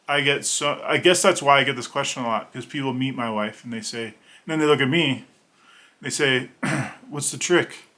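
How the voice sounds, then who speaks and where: A man's voice: medium pitch, pushed and bright. A man in his thirties, a children's book illustrator, telling a rambling personal story to camera in a conversational way and acting out the voices in his anecdotes. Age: 30s.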